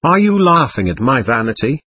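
A man's voice: medium pitch, sing-song, normal speed, bright, forceful tone, husky, dry recording, heavily acted. A man reading the lines of a vain, cheerful grandfather spirit. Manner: cheerful, boastful.

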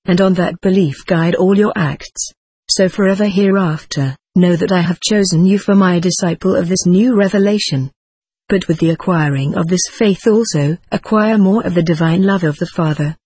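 A solemn, commanding male spirit, read aloud by a narrator in a steady, formal cadence. The voice is slightly husky. The recording is close and dry. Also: medium pitch, no room sound, natural voice. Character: Jesus, solemn male spirit speaking with authority. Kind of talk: reading channeled spirit letters aloud.

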